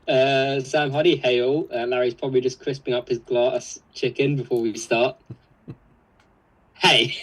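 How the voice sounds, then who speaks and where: A man's voice: medium pitch, little pitch movement, slow pace, long pauses, slightly rough, poor audio. A man co-hosting a live stream, reading viewer comments aloud in a casual, chuckling way. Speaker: co-host reading live chat.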